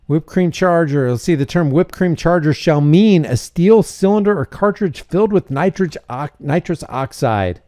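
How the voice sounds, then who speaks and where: A man hosting a casual commentary video, sarcastic and quick to laugh. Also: fairly high pitch, lively intonation, dark tone, no echo, clean studio sound. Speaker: host.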